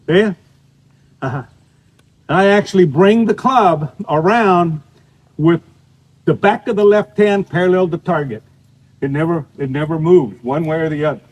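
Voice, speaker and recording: A man's voice: a little high, darkish tone, low-quality recording. An older man teaching a live golf clinic outdoors, talking in a folksy, storytelling way while he demonstrates shots. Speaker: golf instructor. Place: outdoor golf practice area.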